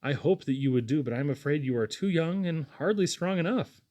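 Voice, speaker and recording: A man's voice: on the high side, animated, brisk, darkish tone, close to an everyday voice. A man voicing an earnest middle-aged lumber company field manager who explains a hard job with sympathy, in an audiobook reading. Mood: earnest warning.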